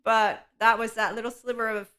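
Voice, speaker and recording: A woman hosting a podcast alone, talking in an animated, rambling way and laughing often. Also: on the high side, a little fast. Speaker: podcast host. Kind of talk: solo podcast monologue.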